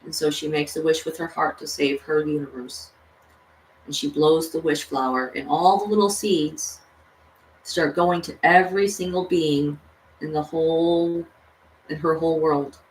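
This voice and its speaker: A woman's voice: low voice, fairly even intonation, measured pace. A woman vlogger casually retelling a cartoon story, rambling with lots of fillers. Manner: rambling, full of "you know" and "like". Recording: echoey room, distant mic, faint noise.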